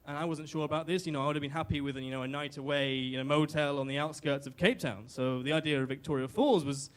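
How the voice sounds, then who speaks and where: A British man with a fairly high voice tells a story live on stage into a microphone. His delivery is wry and self-mocking, full of little restarts and fillers. He lets the absurd bits land with dry understatement. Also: fairly even intonation, fast, clean tone. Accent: British English. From Britain.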